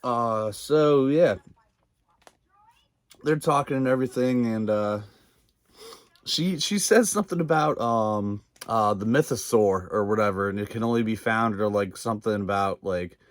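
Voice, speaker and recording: Low-voiced male reviewer, loose and profane, lots of fillers, dry close mic. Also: measured pace, no room sound. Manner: rambling, profane, filler-heavy, laughs often. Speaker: video reviewer. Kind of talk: casual episode recap.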